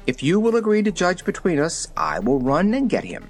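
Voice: mid-range voice, wildly swooping pitch, moderate pace, soft background music, voice pushed up. A reader voicing a proud, talkative male zebra who speaks in a formal, pompous way in a storybook reading. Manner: formal, pompous, easily ruffled.

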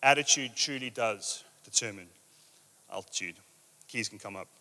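A man preaching a sermon to a live church audience, emphatic and energetic, easing into soft drawn-out phrases. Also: on the low side. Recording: reverberant hall with soft guitar behind.

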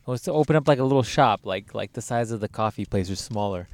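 A man's voice: lowish voice, expressive, fast, dry recording. Joking, teasing man on a podcast. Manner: joking, teasing, laughs often, swears. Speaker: podcast co-host. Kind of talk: casual chat.

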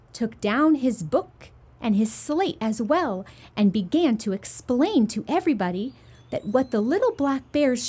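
A woman's voice: a little high, darkish tone, breathy edge. A woman reading a picture book aloud to young children as a storyteller, in a sweet, sing-song manner.

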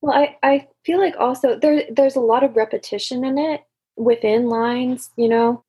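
Eager, husky-voiced woman chatting. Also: fairly high pitch, steady tone, moderate pace, warm tone. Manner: eager, chatty, many fillers. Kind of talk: casual chat.

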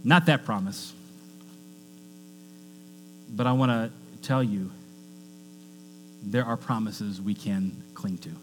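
A man's voice: on the low side, takes it slowly, long pauses. A male pastor preaching a conversational sermon, reading scripture aloud with joking asides. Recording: long church reverb with faint mains hum.

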